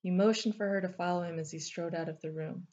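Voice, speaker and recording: A woman reading fantasy fiction aloud in an expressive, storytelling way. Her voice sits on the low side, and the recording sounds slightly muffled. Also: quick pace. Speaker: audiobook narrator. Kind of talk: fiction narration.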